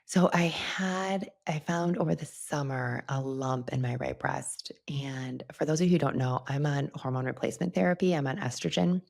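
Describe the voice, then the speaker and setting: A woman's voice: very deep voice, normal speed, vocal fry, few pauses, darkish tone. A middle-aged woman hosting a solo podcast, talking candidly and chattily, often laughing as she goes. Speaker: podcast host. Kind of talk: casual solo podcast talk.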